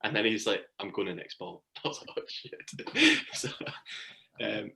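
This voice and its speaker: Deep-voiced man telling stories. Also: steady tone, normal speed, creaky, pushed and bright. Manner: chatty storytelling, laughs often. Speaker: cricketer, guest. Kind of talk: casual interview anecdote.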